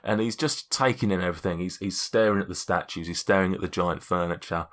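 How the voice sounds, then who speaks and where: A man's voice: sits low, brisk, a bit bright. A man narrating a tabletop game as game master, rambling casually with many restarts.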